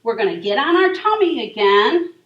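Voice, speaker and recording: A woman leading a children's yoga class in a library room, gentle and encouraging. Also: on the high side, very animated, normal speed, muffled recording. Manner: encouraging, gentle and sing-song. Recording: echoey room, voice from far off.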